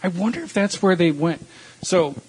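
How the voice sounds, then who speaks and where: A man's voice: high-pitched, normal speed, a little hiss or hum, low-quality recording. A young adult man co-hosting a casual podcast, telling a story and cracking jokes. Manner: joking, lively storyteller. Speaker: podcast co-host. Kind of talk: casual chat.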